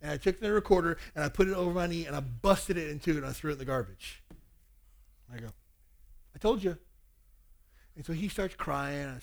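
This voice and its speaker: Storytelling man preaching, higher voice. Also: fairly quick, vocal fry. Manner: storytelling, acts out family dialogue. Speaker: pastor. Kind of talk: sermon with personal stories.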